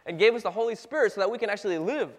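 A man's voice: high-pitched, animated, racing, long reverb tail. A man giving a casual, conversational sermon full of rhetorical questions and little acted-out exchanges. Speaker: preacher.

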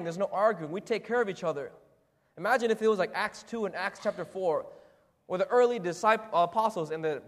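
A man preaching a sermon in a church hall, talking conversationally and asking the congregation rhetorical questions. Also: high voice. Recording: echoey hall with long reverb.

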